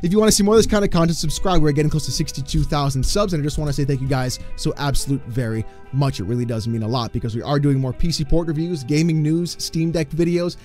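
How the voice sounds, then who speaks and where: A man hosting a gaming commentary channel, ranting in an exasperated, mocking way that swings into shouting. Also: on the high side, quick pace, few pauses, faint music behind.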